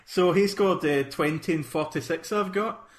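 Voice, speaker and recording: Scottish man chatting in a roomy echo. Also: sits high. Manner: halting, many restarts, laughs easily. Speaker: podcast co-host. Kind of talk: casual chat.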